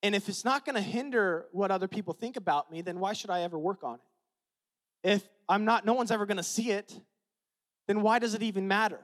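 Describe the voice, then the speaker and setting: Animated high-voiced male pastor preaching. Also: a little fast. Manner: animated, swings from shouting to quiet confiding. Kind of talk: sermon.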